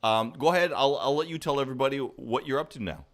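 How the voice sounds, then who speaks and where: A man from Hawaii hosting a livestream interview show, talking in a halting, stammering way. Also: medium pitch.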